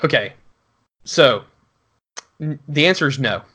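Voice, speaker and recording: A man co-hosting a casual sports podcast, talking in a rambling way with lots of restarts and building into animated rants. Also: on the high side, measured pace, husky. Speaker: podcast co-host.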